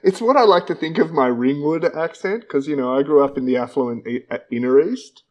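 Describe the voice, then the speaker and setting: A man's voice: a little high, fairly quick, highs cut off. Australian man, rambling podcast chat. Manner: rambling, playful, many fillers. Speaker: podcast co-host. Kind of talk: casual chat.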